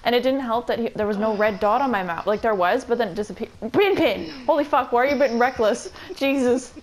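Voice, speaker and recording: A young woman streaming a game, chatting excitedly with a friend, swearing and laughing often. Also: a little high, fairly quick, a little hiss or hum, poor audio. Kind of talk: excited casual gaming chat.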